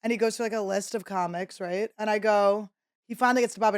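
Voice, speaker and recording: A woman in her thirties hosting a podcast, telling a story in casual chat and acting out quotes in a higher voice. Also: quick pace, smooth. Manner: animated, acts out quotes in a high voice. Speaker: podcast host.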